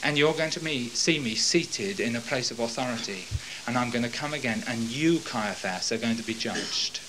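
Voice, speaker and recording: A man voicing a quiet, solemn accused man. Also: mid-range voice, expressive, moderate pace, background noise, voice pushed down, lightly acted. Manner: quiet and grave. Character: calm, solemn accused man warning his judge.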